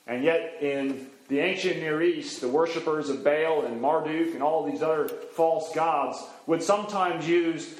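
A man in the role of pastor giving a sermon, teaching from the Bible in a conversational way with frequent fillers. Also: on the high side. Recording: roomy echo.

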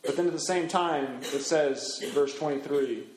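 A middle-aged man preaching a sermon as a pastor, animated, swinging his pitch up and down as he acts out quoted voices. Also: normal speed, hardly any pauses, reverberant, poor audio.

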